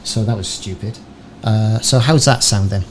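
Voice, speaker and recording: A man's voice: fairly low pitch, moderate pace. A gaming streamer chatting casually and rambling in a self-deprecating way while talking into his desk microphone in a small home room. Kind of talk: casual live stream chat. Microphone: desk podcast microphone. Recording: faint room fan noise.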